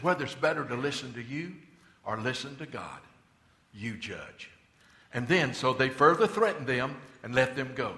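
Bright-voiced preacher man, echoey church. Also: mid-range voice. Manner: emphatic, swings between loud declarations and quiet asides. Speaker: pastor. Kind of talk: sermon.

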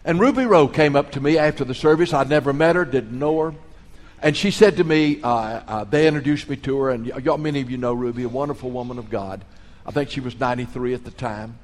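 A man's voice: mid-range voice, quick pace. A middle-aged man preaching a sermon as pastor, telling his story earnestly and swelling in volume on key phrases. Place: large hall, school auditorium. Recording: long echo of a large hall.

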